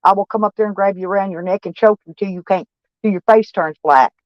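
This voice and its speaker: A van-life vlogger, an older woman with a mid-range voice, talks at a quick pace as she rambles to camera about her day. She's blunt and profane, and the dull, dry recording has no echo.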